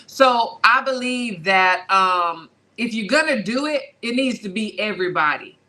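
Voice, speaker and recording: A woman hosting an informal boxing talk stream with a bright, forward voice. She chats in a relaxed, conversational way and stops to read out comments from viewers. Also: medium pitch, unhurried, low-quality recording. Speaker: host. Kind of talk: casual boxing talk show.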